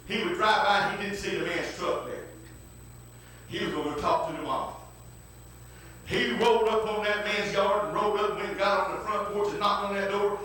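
A man's voice: high-pitched, bright, forceful tone, a little hiss or hum. A man preaching a folksy storytelling sermon, repeating himself and breaking in with hallelujahs and amens. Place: church. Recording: very echoey room, distant mic.

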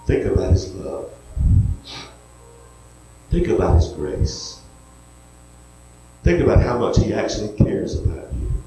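Speaking low and with a drawl, this preacher delivers his sermon through homespun storytelling that turns into soft appeals. The sound bounces around a big, reverberant hall, with a light hum of noise underneath.

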